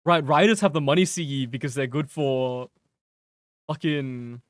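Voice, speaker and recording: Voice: mid-range voice, a little slow, no room sound. A streamer with a northern English accent giving laid-back gameplay commentary, muttering to themselves and swearing freely. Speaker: game streamer.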